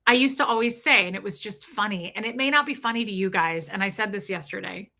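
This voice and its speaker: Female livestream host, chatty storyteller, crisp bright tone, stops to read viewer comments. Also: medium pitch, fast talker. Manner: chatty, reads viewer comments aloud between stories. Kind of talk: casual storytelling to a live chat.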